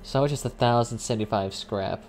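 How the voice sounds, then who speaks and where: A young man streaming a vehicle combat game, chatting casually with swearing and sudden excited outbursts as he plays. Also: mid-range voice, quick pace, a little hiss or hum. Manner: casual, profane, excitable reactions. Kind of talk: live gameplay commentary.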